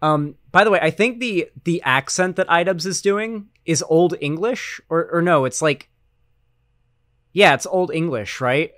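A man's voice: fairly high pitch, unhurried, a bit bright, no echo, studio quality. A man streaming a video reaction, rambling loosely and talking to his chat. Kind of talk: casual commentary chat.

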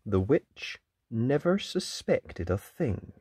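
A storyteller reading a fairytale picture book aloud, slowly and expressively, dipping into whispered sound effects. The voice is a little husky with a lively pitch. The recording is close and dry. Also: no room sound. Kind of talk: children's read-aloud storytelling.

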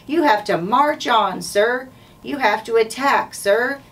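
A woman voicing an eager, excited young girl who speaks up boldly in a storybook read-aloud. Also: a little high, normal speed, pitched above the performer's own voice. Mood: pleading. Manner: bold and pleading. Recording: distant mic, faint noise.

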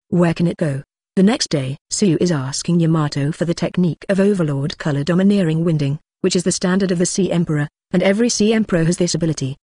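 A narrator reading a novel aloud in an even, steady delivery with little variation. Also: medium pitch, dry recording, clean studio sound. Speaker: audiobook narrator. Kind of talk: scripted narration.

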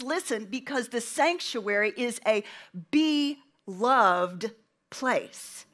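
A woman preaching a sermon with a slow, emphatic delivery and dramatic pauses, inviting the congregation to respond. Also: on the high side, bright, forceful tone.

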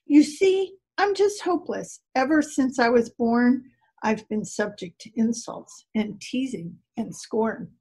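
A woman's voice: on the high side, warm tone, husky, heavily acted. A woman voicing a timid, self-pitying young donkey who pleads and frets. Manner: pleading, fretful.

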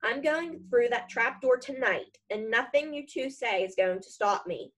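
Storybook: woman voicing an urgent, earnest young boy, slightly high. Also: measured pace, fairly bright tone, poor audio. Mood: defiant. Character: determined boy wizard.

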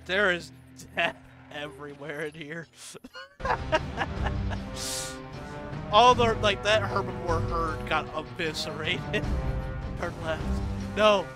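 A man giving casual, excitable gameplay commentary, laughing often and swearing freely. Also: fairly high pitch, slow pace, long pauses, over music. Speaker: gaming channel host.

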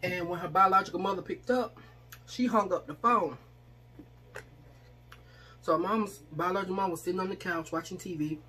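This woman vlogs while eating, chatting through a story and impersonating the people she quotes. Her lowish voice sounds a bit bright, and a little hiss or hum is audible.

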